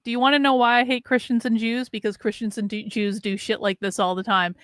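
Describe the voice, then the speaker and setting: A woman hosts a livestream commentary in a blunt, sarcastic, profane manner. Her voice is bright and crisp, a little high, and sits close and dry on the mic. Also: level tone, a little fast, dry recording. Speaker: livestream host.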